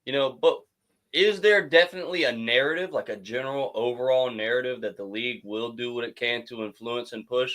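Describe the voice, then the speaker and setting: A man's voice: medium pitch, fairly quick, a bit bright, poor audio. Guy cohosting a sports podcast, cusses a lot, hammers his points hard. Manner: blunt and profane, emphatic rants. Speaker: podcast co-host. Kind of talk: casual sports chat.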